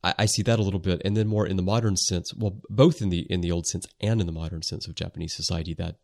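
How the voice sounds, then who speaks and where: A man's voice: deep voice, fairly even intonation, quick pace, creaky, darkish tone. A man hosting a casual fan podcast who talks in a thoughtful, descriptive way and uses filler words. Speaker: podcast host. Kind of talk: casual chat.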